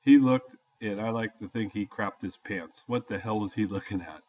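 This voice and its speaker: A man's voice: on the low side, moderate pace. An older man casually telling a story from his youth in a folksy, plain-spoken way. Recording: dull lo-fi audio.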